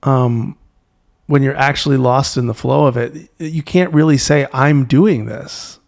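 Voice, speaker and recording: A man guest on an interview podcast, speaking reflectively and halting often to search for words. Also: medium pitch, steady tone, vocal fry. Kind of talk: reflective conversation.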